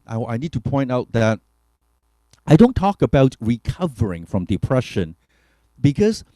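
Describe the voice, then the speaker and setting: A man's voice: mid-range voice, dark tone, no room sound. A man, a pastor giving an earnest, reflective testimony talk with hesitant fillers. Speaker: pastor and keynote speaker.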